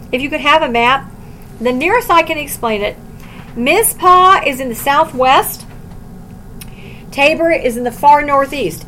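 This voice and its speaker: Lady teaching bible verses, high voice, goes loud then real quiet, explains it plain. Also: slight background noise, low-quality recording. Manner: reads scripture aloud then explains it plainly; dramatic swings between loud emphasis and low quiet asides.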